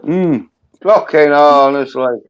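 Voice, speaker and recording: A man hosts a podcast in a casual chat, swearing freely and talking slowly in a slightly high voice. He is speaking over a phone, so the sound comes through dull and lo-fi. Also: clean tone. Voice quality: frequent swearing. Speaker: podcast host.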